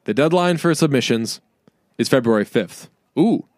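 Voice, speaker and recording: A man's voice: mid-range voice, lively intonation, no room sound. A man co-hosting a podcast in casual chat, rambling and joking, often acting out other people's lines. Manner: rambling, jokey, quick to mimic people. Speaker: podcast co-host.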